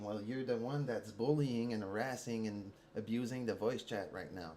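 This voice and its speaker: A man's voice: on the low side, normal speed, a little mellow, slight background noise. Swearing man with a Quebec French accent. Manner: heated, profane, repetitive ranting. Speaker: mobile game streamer. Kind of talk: angry rant while streaming gameplay.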